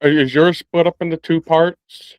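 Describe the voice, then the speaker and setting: A man's voice: a little high, steady tone, measured pace, clean tone, no echo, poor audio. A man in a casual film discussion, rambling with many restarts and laughing along.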